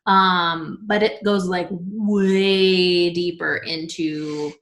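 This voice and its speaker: A woman's voice: fairly low pitch, fairly even intonation, very slow, fairly bright tone. Chatty woman in her thirties, echoey room. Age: 30s. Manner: chatty and giggly, trailing off with filler words. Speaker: vlog host being interviewed. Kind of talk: casual chat. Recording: roomy echo.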